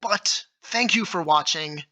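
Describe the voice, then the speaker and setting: A man with a very bright, fairly high voice talks through his homebrew tabletop rules. He is eager and thinks out loud, with fillers and restarts as he goes. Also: slow, low-quality recording. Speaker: YouTube creator. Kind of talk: solo commentary on game rules.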